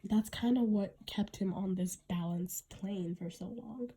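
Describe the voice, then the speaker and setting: Talking reflectively on her own podcast, a woman uses a husky, warm, mid-range voice at a measured pace. It's a casual monologue, delivered earnestly, with many restarted sentences.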